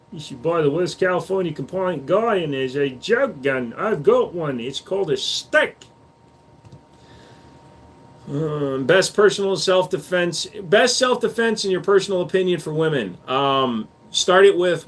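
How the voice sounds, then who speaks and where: A man hosting a casual livestream, answering viewers' chat questions in a blunt, offhand way with plenty of jokes. His speaking voice sits a little on the high side. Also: lively intonation, moderate pace.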